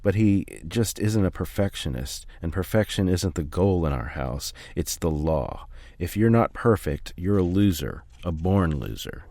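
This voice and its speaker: Deep-voiced man reading a memoir. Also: expressive, a little slow, mellow, dry recording. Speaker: audiobook reader. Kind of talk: first-person memoir reading.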